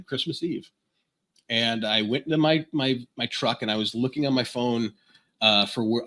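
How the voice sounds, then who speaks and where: Bright-voiced man telling a rambling story. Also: on the low side. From Florida. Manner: rambling, frank, restarts mid-sentence. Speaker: podcast guest. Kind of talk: casual storytelling.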